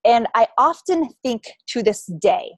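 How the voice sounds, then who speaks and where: A woman's voice: a little high, very animated, a little slow, no echo. A young adult woman coaching her team on a call, telling a story in a chatty way and acting out the voices she quotes. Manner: chatty, acts out quoted voices, many likes and ums.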